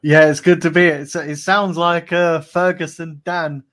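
A man with a slightly high voice chats as a podcast guest. He sounds laid-back and candid and swears casually. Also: flat delivery, measured pace, a bit bright.

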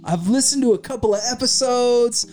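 A man's voice: extremely high pitch, normal speed, a little mellow, soft background music, voice pushed up. A man putting on an eager, friendly cop. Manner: eager, casual, upbeat. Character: friendly male police officer, chatty hip hop fan.

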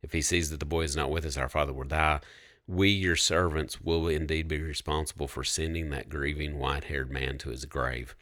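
Biblical supplicant, solemn and earnest, read plainly by a very deep-voiced man. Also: fairly even intonation, a little fast, fairly bright tone, no echo, clean studio sound. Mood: pleading. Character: biblical man pleading before a powerful ruler.

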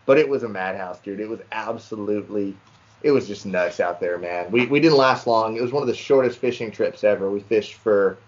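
A young man casually telling a lively fishing story to friends on a podcast and calling them "dude" a lot. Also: lowish voice, fairly quick, slight background noise. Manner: animated storyteller, says "dude" often. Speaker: podcast co-host. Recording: slightly dull lo-fi sound.

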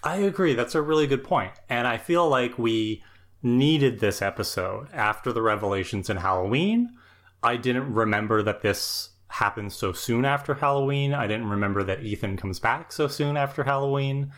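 A man's voice: medium pitch, normal speed, fairly bright tone. A man co-hosting a casual podcast, giving thoughtful, dryly humorous commentary on a TV episode. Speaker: podcast co-host. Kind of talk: casual chat.

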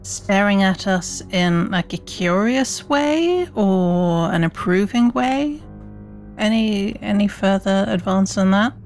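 Woman player, curious and questioning, slow pace. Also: mid-range voice, lively intonation, darkish tone, faint music behind. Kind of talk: in-character tabletop play.

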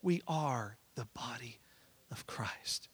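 A man, a pastor preaching and telling a family story, swinging between loud and hushed. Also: medium pitch, lively intonation, slow pace, husky. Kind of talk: sermon with personal storytelling.

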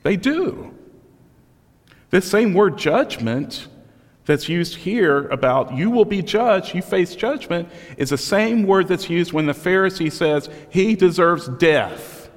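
A man's voice: high-pitched, lively intonation, slow. Man preaching in a reverberant hall. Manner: conversational, self-deprecating storytelling. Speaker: pastor. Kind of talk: sermon.

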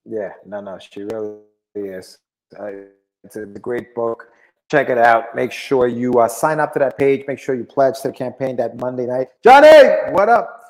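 A man's voice: medium pitch, normal speed, in a large hall, low-quality recording. A man co-hosting a podcast, bantering in a laid-back, friendly way. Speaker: podcast co-host. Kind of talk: casual chat.

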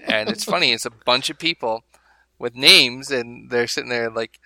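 A man's voice: medium pitch, big pitch swings, normal speed, vocal fry, pushed and bright, no room sound. A man co-hosting a podcast, chatting casually and rambling with amused asides. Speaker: podcast co-host. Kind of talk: casual chat.

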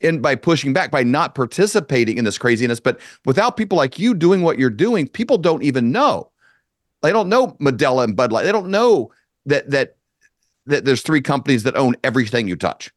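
A man from rural Kansas, a guest on a talk radio show, speaking conversationally with halting restarts. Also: medium pitch, very animated, no echo, studio quality.

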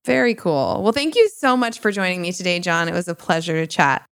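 A middle-aged woman hosting a podcast interview, encouraging and quick to laugh. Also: on the low side, big pitch swings, smooth. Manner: warm, encouraging, laughs easily. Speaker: podcast host.

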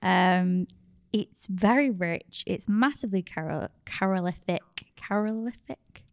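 A woman in her thirties or forties chats on a podcast, playful and quick to laugh. Her voice sits at a middle pitch. It is recorded dry and close, with no room echo. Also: clean tone. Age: 30s to mid 40s. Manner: chatty, playful, laughs often. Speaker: podcast co-host. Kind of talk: casual chat.

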